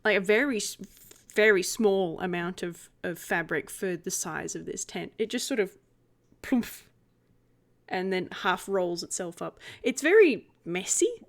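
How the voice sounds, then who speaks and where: A woman's voice: mid-range voice, lively intonation, a little slow. A woman narrating and running a tabletop role-playing game as game master, descriptive and giggly.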